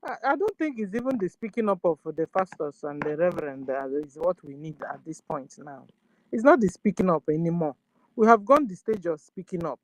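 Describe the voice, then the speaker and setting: On a call-in discussion, a Nigerian guest speaker talks with fervor in a lowish, sing-song, brisk voice, firing off rhetorical questions and repeated rallying phrases and slipping into Igbo now and then. The audio quality is poor.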